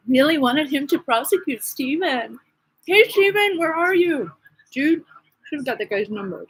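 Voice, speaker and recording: A woman's voice: a little high, fairly bright tone, husky, rough recording. A woman vlogging in a rambling, casual monologue, gossipy and agitated, with many fillers.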